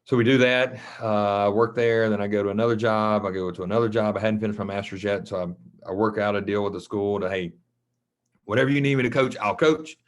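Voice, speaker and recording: A man, a coach from Mississippi, telling his story in a casual interview, animated, acting out the voices of people he quotes. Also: fairly low pitch, fast talker, few pauses. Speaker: guest, track and football coach. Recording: dull lo-fi podcast audio.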